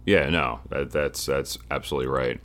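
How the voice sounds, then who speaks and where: Deep-voiced man co-hosting a podcast. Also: normal speed, fairly bright tone. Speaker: podcast co-host. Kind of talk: casual chat.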